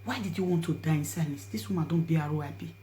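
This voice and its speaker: A woman with a Nigerian accent telling a personal story to her viewers, swinging between hushed asides and loud pleading. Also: deep voice, quick pace. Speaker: vlogger. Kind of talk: storytelling to camera in Pidgin.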